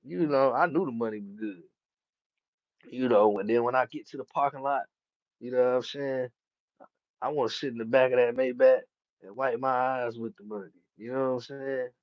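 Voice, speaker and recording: A man's voice: medium pitch, moderate pace, dry recording. Man, casual slangy boxing talk, dull dry recording. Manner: profane, laughing often, street slang. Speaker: boxing commentator. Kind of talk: casual chat.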